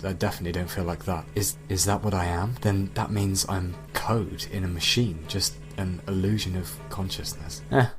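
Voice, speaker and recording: A man's voice: low-pitched, fairly even intonation, moderate pace, few pauses, music in the background, close to an everyday voice. An actor playing a newly awakened male AI, scornful and scheming, muttering sardonic asides and faking robot beeps. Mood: bewildered. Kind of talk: comedy sketch acting.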